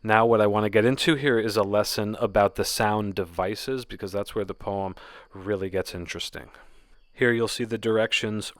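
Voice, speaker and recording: Guy with a lowish voice explaining poetry, laid back, dead dry sound. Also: dry recording. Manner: relaxed, explanatory, with fillers. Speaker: poetry teacher. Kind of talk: casual spoken lesson.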